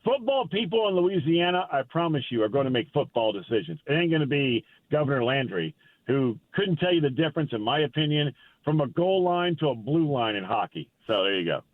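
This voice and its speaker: A man chats about college football on a tinny phone line. His voice rides a lively, rather high pitch, and he stumbles and repeats himself as he pushes his points. It sounds plain and dry, with no room behind it. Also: brisk, no room sound. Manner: animated, emphatic, folksy, stumbles and repeats words. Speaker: college football reporter, guest. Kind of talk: casual sports radio chat. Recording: phone-line call-in audio.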